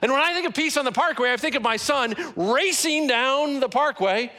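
A man in his forties, a pastor, giving a sermon in an earnest, conversational way, slowing down to stress key phrases. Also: very high voice, animated, bright, forceful tone. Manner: earnest, conversational preaching with emphatic slowed phrases.

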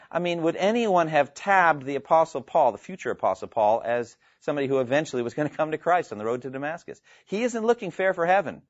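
A man's voice: fairly high pitch, very animated, quick pace, no room sound. A man giving a classroom theology lecture in an earnest, emphatic way, often asking his listeners rhetorical questions. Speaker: theology teacher. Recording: dull lo-fi, dry sound.

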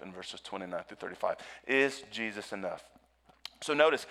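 A man in the pulpit delivering a sermon in a mid-range voice. He swells loud, then drops almost to a murmur, and stretches his words slowly to drive a point home. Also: medium pitch. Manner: preaching with wide swings from loud to hushed; slows and stretches words for emphasis. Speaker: pastor.

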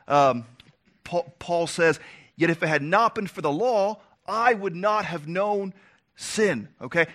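A man with a fairly high voice preaches an expository sermon. He often fills pauses with "uh" and stops to ask "okay?" to make sure the point lands. He pushes his points with emphatic rises and falls in pitch. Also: fairly bright tone. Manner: frequent "uh" fillers, checks in with "okay?".

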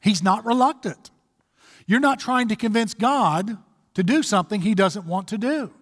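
A man with a high-pitched voice preaches an emphatic sermon, drawing out his phrases as he presses each point. His voice carries a long reverb, like a large church hall. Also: animated. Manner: emphatic, exhorting, drawn-out slow phrases. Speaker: pastor.

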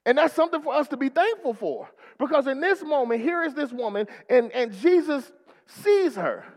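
A man's voice: very high voice, lively intonation, normal speed, long reverb tail. A male pastor preaching a rousing sermon in a church, calling for responses from the congregation.

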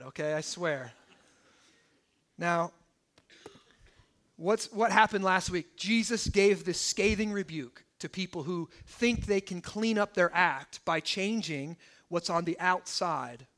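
A pastor in his thirties preaches to his church, mixing scripture with lively personal stories. His voice sits very high for a man and rings bright and forceful, and he keeps checking in with his listeners. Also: measured pace. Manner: animated storytelling, asides like "okay?".

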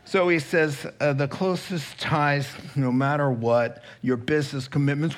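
A male pastor preaching a sermon, animated and chuckling, acting out quotes as he goes. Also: on the high side, unhurried, hardly any pauses.

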